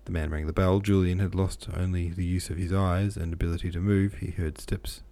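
A man narrating a classic novel aloud in a measured reading voice. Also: low voice, little pitch movement, mellow. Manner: measured, occasionally self-correcting. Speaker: audiobook narrator.

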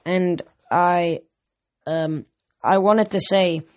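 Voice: mid-range voice, fairly even intonation, very slow. A reader voicing an earnest teenage girl who speaks hesitantly in a storybook reading. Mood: pleading.

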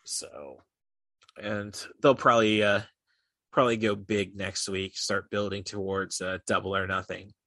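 A fairly low-pitched young man, chatting casually as a podcast co-host. His voice is bright and forceful, and he rambles along with plenty of "like" and "uh." The sound is dry and close, with no room around it. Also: steady tone, unhurried, dry recording. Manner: rambling, heavy on "like" and "uh" fillers. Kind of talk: casual chat.

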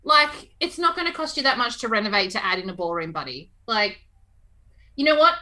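Podcast co-host, woman, playful and excitable, crisp bright tone, swings widely in pitch. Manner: playful, excitable, quick to exclaim. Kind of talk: casual podcast chat.

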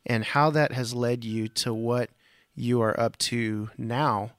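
Playful podcast co-host, dry close sound. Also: male voice, medium pitch, fairly even intonation, slow, dry recording. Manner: playful, rambling, interviewer. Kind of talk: casual chat.

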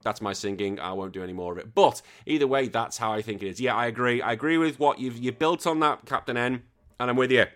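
An English man with a northern accent from near Liverpool hosts a casual podcast, reading out listener questions. He swears freely and jokes through animated rants, at a middling pitch. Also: quick pace. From England. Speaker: podcast host.

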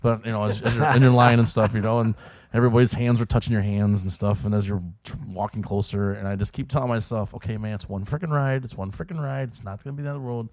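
A middle-aged man telling stories in a casual chat, animated and laughing as he goes. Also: on the low side, quick pace, dry recording, clean studio sound.

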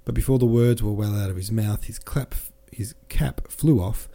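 A man hosting a podcast and reading a classic novel aloud in steady, measured narration. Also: fairly low pitch, vocal fry. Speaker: podcast host and reader.

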